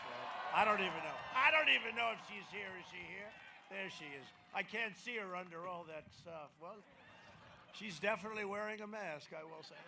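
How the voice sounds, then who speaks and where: A man's voice: high voice, bright, forceful tone, slight background noise. An older man giving a rambling, boastful rally speech and mocking his opponents. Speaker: campaign rally speaker. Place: outdoor rally crowd.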